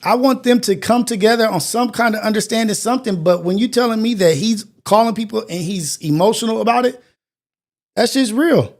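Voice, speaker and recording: High-voiced man preaching on a morning show. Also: brisk. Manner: earnest, preachy, repetitive phrasing. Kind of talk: motivational monologue.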